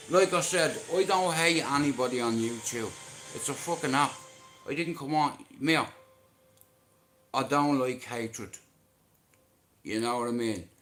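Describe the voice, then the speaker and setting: A man's voice: fairly high pitch, a bit bright. A middle-aged Irish man talking on his live stream in a blunt, rambling way, swearing freely.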